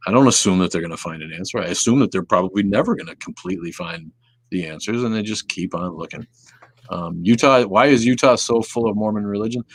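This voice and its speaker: Recorded with no room sound, a lowish-voiced man from Southeast Wisconsin hosts a casual livestream. He goes through viewer comments, rambling with plenty of profanity and frequently trailing off into mumbles.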